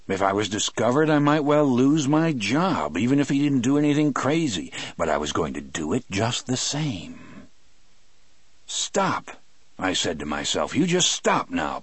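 A man reading a novel aloud in the first person, expressive and shifting between slow and quick delivery. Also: fairly low pitch, dry recording. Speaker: audiobook narrator.

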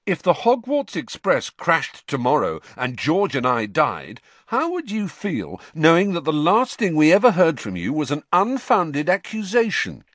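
A man's voice: a little high, wildly swooping pitch, unhurried, few pauses, a bit bright, no echo, pitched above the performer's own voice, full character voice. A man voicing a cheeky teenage boy who plays up a mock-pained complaint.

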